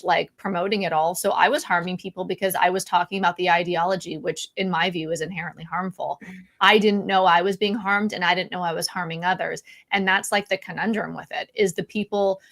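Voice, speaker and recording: A woman's voice: lowish voice, fairly bright tone. A woman co-hosting a casual live-stream chat, speaking candidly, laughing often and restarting her sentences. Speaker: podcast co-host.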